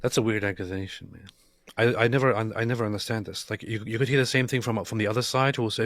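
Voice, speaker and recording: A man co-hosting a casual livestream discussion, talking things through slowly and thoughtfully. His voice sits on the low side. The sound is dry and close-miked. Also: steady tone, dry recording. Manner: measured, reflective, short dry interjections. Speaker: co-host.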